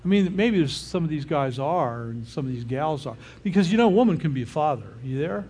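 Husky-voiced older male preacher. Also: fairly high pitch, lively intonation, a little fast, a little mellow. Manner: informal, often checks in with the audience. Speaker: pastor. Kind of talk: conversational sermon.

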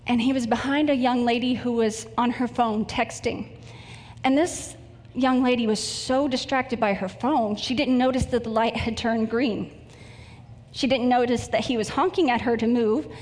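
A woman's voice: on the high side, a little mellow. A woman preacher delivering an earnest, emotional sermon with prayer and stories in a church hall. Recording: echoey hall reverb.

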